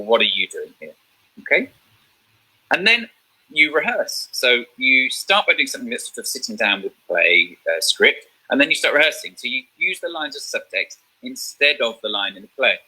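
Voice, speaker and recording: A man's voice: medium pitch, sing-song, moderate pace, sharp tone, husky, poor audio. A man teaching a drama revision lesson, explaining step by step and checking in with "okay?".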